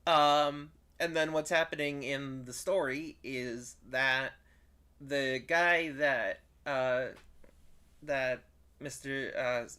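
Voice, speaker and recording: A game streamer giving casual let's-play commentary, rambling and halting as they explain the story. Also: mid-range voice, pushed and bright.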